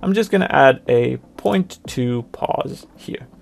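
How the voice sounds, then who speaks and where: A man presenting a software tutorial, talking through each step on screen in a plain explanatory way. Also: mid-range voice, animated, slow pace, creaky. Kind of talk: screen-recorded software walkthrough.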